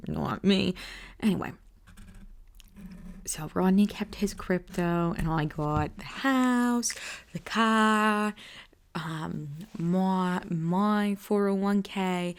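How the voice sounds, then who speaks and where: A woman's voice: lowish voice, vocal fry. A woman doing a whispered role-play as a wild, gossipy, unhinged aunt, rambling and chatty, slipping in and out of a whisper on a close mic. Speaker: ASMR creator.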